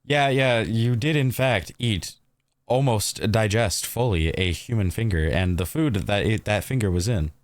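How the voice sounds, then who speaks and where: A man's voice: fairly low pitch, unhurried, dry recording. A man streaming a reaction to a video, making blunt, sarcastic and profane remarks in casual commentary.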